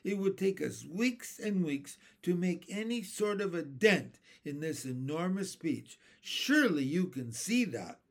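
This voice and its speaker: A clever young boy explains things earnestly and patiently, voiced by a man reading aloud. The storybook voice is lifted and lively. He speaks slowly. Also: high voice, voice pushed up, heavily acted.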